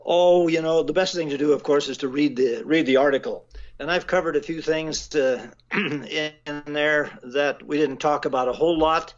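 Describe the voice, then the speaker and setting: Man, interview guest, fairly high voice, measured and halting, muffled lo-fi sound. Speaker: guest writer. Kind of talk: casual phone interview.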